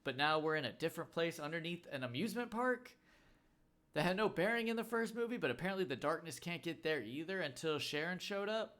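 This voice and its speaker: A man's voice: a little high, animated, brisk, fairly bright tone. A man co-hosting a casual podcast chat, rambling and wry, often trailing off mid-thought. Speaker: podcast co-host.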